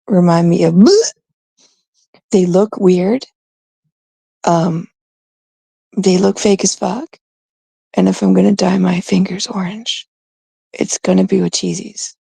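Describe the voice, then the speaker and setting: A middle-aged woman with a Canadian accent hosts a livestream, chatting casually and ramblingly with viewers and cursing freely. Her voice sits on the low side, creaky and dark with a breathy edge, in a dry recording.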